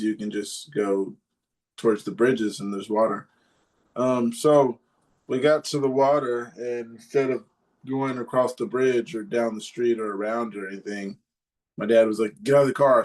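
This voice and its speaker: A man in a podcast chat, telling a story in a rambling way with many ums and restarts. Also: lowish voice. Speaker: podcast guest or co-host.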